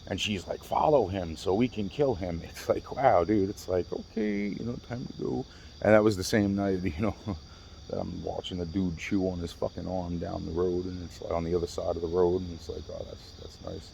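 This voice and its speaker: A man's voice: sits low, flat delivery, fairly quick, vocal fry, darkish tone, a little hiss or hum. A man telling rambling, profane stories to his camera in a casual vlog, repeating himself and restarting often. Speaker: vlogger.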